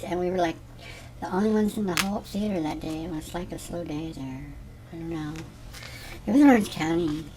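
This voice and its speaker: Janis Simpleton, a ditzy rambling lady, as a man plays her. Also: high voice. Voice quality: rambling, scatterbrained, giggly. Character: ditzy, self-absorbed middle-aged woman teacher. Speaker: comedy character host. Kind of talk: scripted character comedy monologue.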